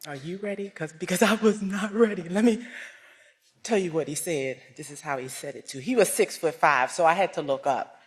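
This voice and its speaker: A woman speaks at a religious service, giving a personal testimony. She tells it with strong feeling and breaks into loud outbursts. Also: fairly low pitch, normal speed, husky. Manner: emotional storytelling, rising to loud outbursts.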